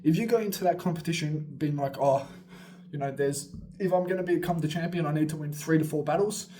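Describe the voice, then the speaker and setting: A man talks through a casual beatbox lesson in a slightly high, excitable voice, swearing freely and laughing at himself. He rambles and moves around as he explains. A faint background noise sits under the recording. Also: a little fast. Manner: energetic, swearing, laughing asides, jumping around while talking. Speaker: beatbox coach.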